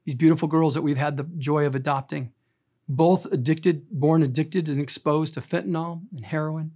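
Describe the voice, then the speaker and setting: A middle-aged man preaching a sermon as a pastor, telling stories earnestly and emphatically, rising in intensity and dropping to quiet tenderness. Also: on the high side, steady tone, normal speed.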